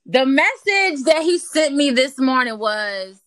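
A woman with a bright, fairly high voice, chatting and storytelling in an animated, emphatic way. She repeats phrases for effect and slips into mocking impressions. The sound is close and dry. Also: slow, hardly any pauses, no echo. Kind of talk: casual chat storytelling.

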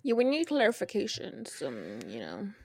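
Woman podcast co-host, animated pitch, emphatic, dry close sound. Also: moderate pace, breathy edge, dry recording. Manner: emphatic, swears, bursts into loud laughs. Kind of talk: casual podcast chat.

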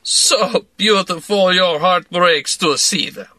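A man voicing a clownish, boastful tycoon who speaks slow, showy broken English. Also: high voice, animated, bright, forceful tone, no room sound, clean studio sound, heavily acted. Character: swaggering Russian male tycoon, clownish and boastful.

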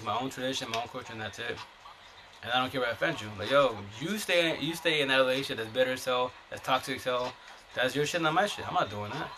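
A man's voice: mid-range voice, sharp tone, a little hiss or hum. A man hosting a live stream, ranting about his relationship in a blunt, combative, profane way. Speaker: TikTok live host. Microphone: phone mic.

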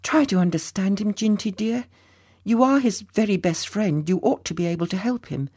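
A storyteller voicing a gentle, motherly woman who coaxes softly. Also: mid-range voice, normal speed, no echo, clean studio sound, voice pushed up, close to an everyday voice. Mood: coaxing. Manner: soothing, coaxing.

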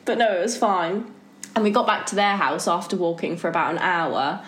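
A woman's voice: fairly low pitch, moderate pace. Woman, young, podcast host, chatty storyteller, laughs a lot, echoey room. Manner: animated storyteller, laughs often. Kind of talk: casual storytelling chat. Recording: echoey room with faint noise.

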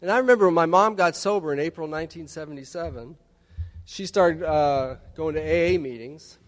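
A man's voice: fairly high pitch, brisk. Wry storytelling man in a big hall. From Texas. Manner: wry storytelling with humorous asides. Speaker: recovery meeting speaker. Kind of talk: personal testimony talk. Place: large hall at a conference. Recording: long hall reverb.

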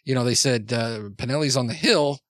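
A man's voice: medium pitch, brisk, fairly bright tone, dry recording, clean studio sound, natural voice. A man playing a big, awkward, good-natured guy on a date, fumbling and folksy. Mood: sheepish.

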